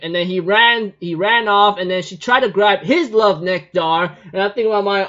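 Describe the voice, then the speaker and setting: A man's voice: high-pitched, moderate pace, few pauses, fairly bright tone. A man chatting casually through an anime episode recap, laughing often and full of fillers. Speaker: anime reviewer. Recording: dull lo-fi recording.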